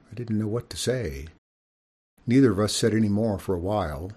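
A man's voice: on the low side, expressive, fairly quick, a little mellow, breathy edge. A man reading a storybook aloud in the first person as a farm boy, with folksy rural speech. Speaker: audiobook reader.

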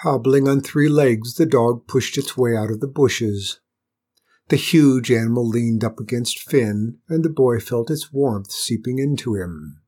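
Storybook narrator, calm and measured, husky man, mid-pitched. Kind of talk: storybook reading.

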